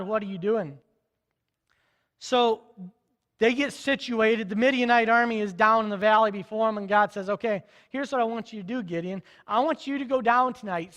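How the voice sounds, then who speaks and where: A man's voice: very high-pitched, a bit bright, in a large hall. A man preaching a sermon, retelling a Bible story in casual, modern speech and acting out the characters' lines. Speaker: pastor.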